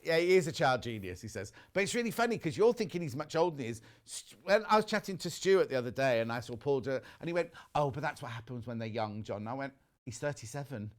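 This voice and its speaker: A man's voice: medium pitch, fast talker. A middle-aged man presenting a shopping channel, chatting and reading out viewer messages in a gossipy way. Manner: lively, gossipy, reads viewer messages aloud. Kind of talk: chatty live TV selling. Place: TV studio.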